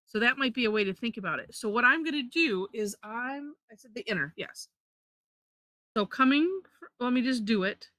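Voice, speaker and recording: A woman's voice: on the high side, expressive, moderate pace, pushed and bright, no room sound. A woman leading a live drawing lesson, chatty, correcting herself and laughing often. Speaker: drawing instructor.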